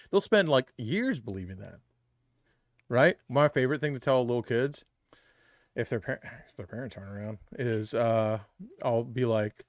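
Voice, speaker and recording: A man's voice: mid-range voice, no room sound. A man co-hosting a live stream, telling joking stories in casual banter, swearing freely and laughing often. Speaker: podcast co-host.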